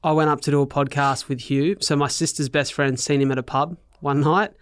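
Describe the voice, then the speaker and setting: A man with an Australian accent, a guest on a podcast, telling an anecdote in a lively, animated way. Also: fairly high pitch, fairly quick, smooth, dry recording, studio quality. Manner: animated storyteller, acts out what others said. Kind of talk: casual podcast chat.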